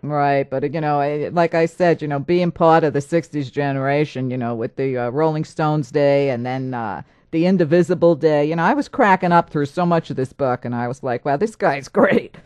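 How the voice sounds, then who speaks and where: A woman's voice: deep voice, moderate pace, few pauses, a little mellow, smooth, no room sound. A woman hosting an interview show, talking enthusiastically with many fillers. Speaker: show host. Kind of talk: casual interview chat.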